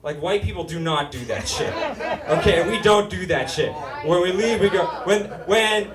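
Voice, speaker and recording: A man's voice: high-pitched, animated, moderate pace, far from the mic, over a noisy crowd. A man from Utah doing a stand-up comedy set, with a nasal, whiny voice and sardonic, swearing punchlines. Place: small comedy stage with live studio audience. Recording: roomy stage with audience laughter.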